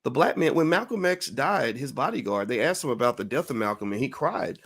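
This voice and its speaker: A man's voice: medium pitch, animated, brisk, slightly rough. A man giving an opinionated commentary monologue, emphatic, firing rhetorical questions and tagging lines with "right?".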